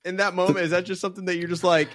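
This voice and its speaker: A male podcast host with a high, level, a bit bright voice talks very fast in casual chat, laughing often and rambling with restarts. The sound is dry and clean, studio-like.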